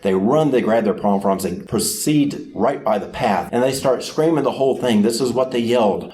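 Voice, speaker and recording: A man preaching a sermon who tells the story dramatically, sometimes acting out crowd voices with sudden shouts. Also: lowish voice, lively intonation, normal speed.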